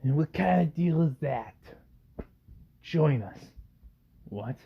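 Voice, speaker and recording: A man voicing an alien symbiote creature that speaks as a group, low and half-whispered. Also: animated, takes it slowly, creaky, slightly rough, highs cut off, exaggerated voice. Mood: sly.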